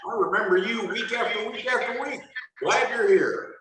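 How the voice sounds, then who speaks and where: A man's voice: high-pitched, moderate pace, heavy reverb, distant mic, background noise. A man hosting a video call meeting, greeting each participant by name in an upbeat, jokey way and repeating his welcomes.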